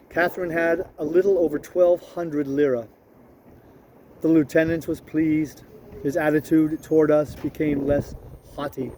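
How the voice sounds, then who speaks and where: A man reading a novel aloud at a steady, unhurried pace, now and then correcting himself. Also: fairly high pitch, noisy background. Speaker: audiobook reader.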